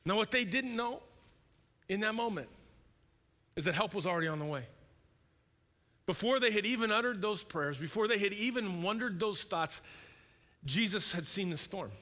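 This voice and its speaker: Guy preaching in a church, chatty and animated, bright forceful voice, big echoey hall. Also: sits high. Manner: conversational, animated, acts out voices. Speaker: pastor. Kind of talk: sermon. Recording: long hall reverb.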